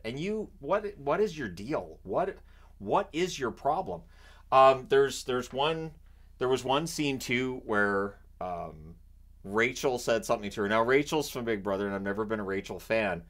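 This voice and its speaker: A man from Canada chatting casually about a reality show he watches, animated and often restarting his sentences. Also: medium pitch, measured pace. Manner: animated, acts out quotes in raised voice; repeats and restarts words often. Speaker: vlogger. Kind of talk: casual chat.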